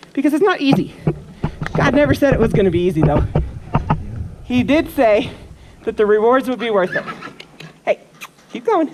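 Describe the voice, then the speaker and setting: A woman horse trainer teaches a live group while working a horse outdoors. Her voice sits fairly high and moves through a lively range as she coaxes the animal between explanations. Constant outdoor noise sits behind her. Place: outdoor horse pen at a camp. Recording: noisy outdoor recording.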